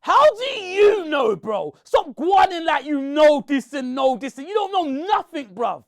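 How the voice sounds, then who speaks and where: A man, shouting and confronting someone in a heated rant to camera. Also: extremely high pitch, big pitch swings, unhurried, hardly any pauses. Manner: shouting, confrontational, repeats "bro". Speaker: online commentator.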